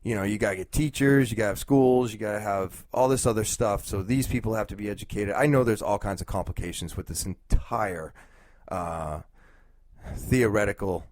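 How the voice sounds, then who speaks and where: Rambling low-voiced man hosting a solo podcast. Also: normal speed, darkish tone, dry recording. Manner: rambling, thinking aloud with fillers. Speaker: podcast host. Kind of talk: casual solo talk.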